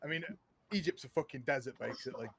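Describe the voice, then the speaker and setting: A man's voice: mid-range voice, fast talker, creaky, husky, no echo. A man guesting on a casual livestream chat, telling rambling stories and swearing casually.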